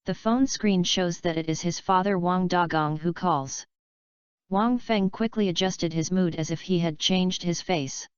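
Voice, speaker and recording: A woman narrating an audiobook in a steady, even reading voice, in a dull lo-fi recording. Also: fairly low pitch, measured pace, clean tone, no room sound. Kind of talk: scripted narration.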